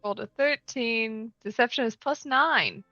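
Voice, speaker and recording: A woman playing a tabletop game, relaxed and playful. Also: fairly high pitch, a little slow, no room sound, highs cut off. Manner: relaxed and playful, laughing between lines. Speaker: player.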